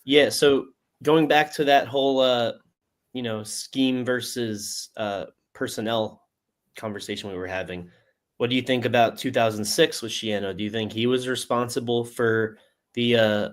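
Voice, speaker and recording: A man co-hosting a casual sports talk show, speaking in an easygoing, hesitant way with many fillers. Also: medium pitch.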